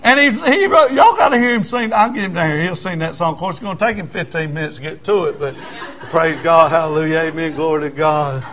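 A man's voice: high voice, sing-song, fast talker, hardly any pauses, fairly bright tone, a little hiss or hum. A male preacher, telling stories in a sermon in a folksy, stammering way. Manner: folksy, stammering restarts, chuckles. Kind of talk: storytelling sermon.

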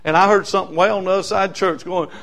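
Folksy preacher, high voice. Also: male voice, steady tone, rapid-fire, creaky, slight background noise. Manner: folksy, swings from hushed asides to shouted hollers. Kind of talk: storytelling sermon.

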